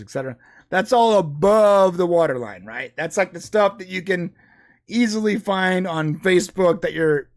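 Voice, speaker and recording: A man hosting a podcast with a speech impediment, rambling through a list with amused asides in a casual chat. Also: high-pitched. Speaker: podcast host.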